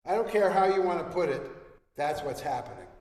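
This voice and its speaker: Male music teacher, high voice, direct playful coaching, roomy recording with a long reverb tail. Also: expressive, a little fast, darkish tone. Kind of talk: webinar coaching. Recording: echoey room with long reverb.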